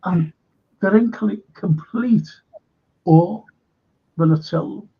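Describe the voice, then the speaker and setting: Speaking slowly with vocal fry and a slightly rough, high-sitting voice, a local historian chats on a live stream. He tells anecdotes animatedly, acting out the voices, and the audio is lo-fi.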